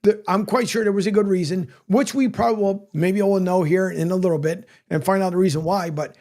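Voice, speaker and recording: A man's voice: high voice, steady tone, a little fast, mellow. A man co-hosting a sports radio show, chatting earnestly and hesitantly, often repeating words. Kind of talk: casual sports radio chat.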